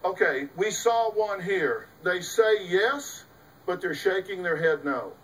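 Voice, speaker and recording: Slow but lively in intonation, a middle-aged host and psychologist speaks in a high, slightly bright voice during an emphatic, folksy talk to a live audience, peppered with rhetorical questions. The rough recording comes from a distant mic.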